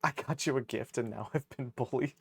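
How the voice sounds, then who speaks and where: A livestreamer chatting casually with viewers and thanking supporters, with a teasing, playful manner that swings from low mutters to excited squeals and laughter. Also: a little fast, gravelly, husky. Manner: teasing, playful banter with chat. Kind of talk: casual live-stream chat, thanking viewers.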